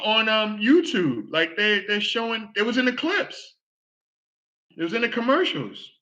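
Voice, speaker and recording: With a pushed, bright voice and the highs cut off, a man hosts a live online sports and culture show, ranting casually to viewers. He's loose and repetitive, exclaims freely, and acts out scenes in a falsetto shriek.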